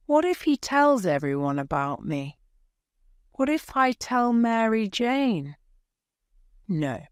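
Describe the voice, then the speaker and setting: Woman reading a storybook really slow and careful, lowish voice, dry close sound. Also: a little mellow, no room sound. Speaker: audiobook narrator. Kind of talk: slow scripted storybook narration for learners.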